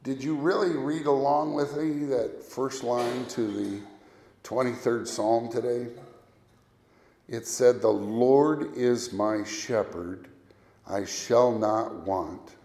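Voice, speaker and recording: A man preaching a sermon as a pastor, speaking deliberately and leading his listeners through recited scripture. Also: medium pitch, gravelly, a little mellow. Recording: echoey room.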